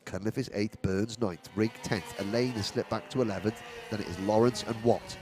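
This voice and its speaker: Excitable male karting commentator. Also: fairly low pitch, normal speed, music in the background. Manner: rattles off positions and names, rising to excited calls at the finish. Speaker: race commentator. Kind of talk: live motorsport commentary.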